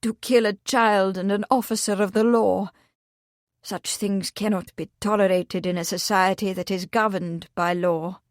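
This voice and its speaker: A woman voicing a soft-hearted male village vicar who talks in a hesitant, troubled, muttering way. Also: mid-range voice, steady tone, a little slow, no echo, clean studio sound, lightly acted. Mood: reluctant.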